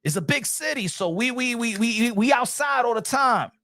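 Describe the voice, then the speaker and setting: A man from New York with a New York accent, slipping into Spanish, ranting in a rambling, mocking way that breaks into shouting. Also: very high-pitched, expressive, normal speed, gravelly. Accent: New York, with Spanish mixed in. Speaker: streamer. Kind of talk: loud animated rant.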